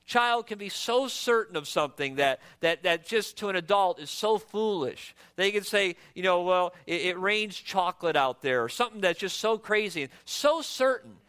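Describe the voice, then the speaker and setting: Male preacher, high and clear-toned, earnest sermon delivery with frequent restarts. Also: expressive, normal speed, few pauses, a bit bright.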